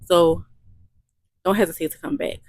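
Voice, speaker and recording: Speaking at a normal speed in a steady, darkish, fairly low voice, this woman is a midwife from Louisiana sharing a heartfelt testimony on her own vlog. She talks emotionally and repetitively, full of faith, and the recording is dry.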